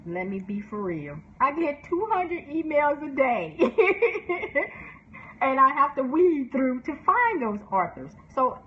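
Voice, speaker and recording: A woman who is a book promotion specialist giving candid, animated advice in a casual talk, often laughing and briefly mimicking other people's voices. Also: high voice, slow pace. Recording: slightly dull sound with faint background noise.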